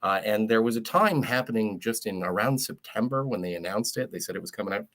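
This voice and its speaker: Bright-voiced man rambling cheekily. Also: lowish voice, lively intonation, quick pace. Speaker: show regular. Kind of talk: casual chat.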